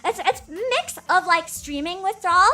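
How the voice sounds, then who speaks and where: Woman, VTuber streamer, casual live chat, hyper, giggly, swears, very lively high voice. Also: normal speed, faint music behind. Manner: greets chat viewers by name.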